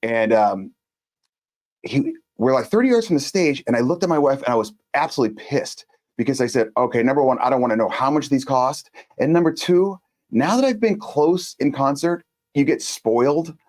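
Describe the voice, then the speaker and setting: A man's voice: mid-range voice, lively intonation, moderate pace, darkish tone. A man hosting his own show, telling a story in a blunt, casual monologue and acting out the quotes. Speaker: show host.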